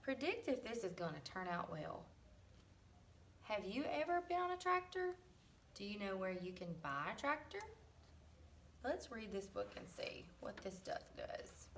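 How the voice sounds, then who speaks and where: An unhurried woman reads a farm picture book to young listeners and stops now and then to ask them questions. She jumps into bright, playful voices for the animals. She sits a little back from the microphone. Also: medium pitch, big pitch swings, recorded from a distance, a little hiss or hum. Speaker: teacher reading aloud. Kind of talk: read-aloud storybook with questions.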